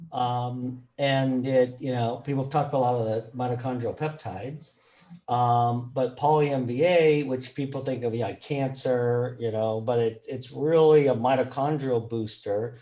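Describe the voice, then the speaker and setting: A man hosting an interview, talking in a relaxed, chatty way and laughing often. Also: medium pitch. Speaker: podcast host. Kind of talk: casual interview chat.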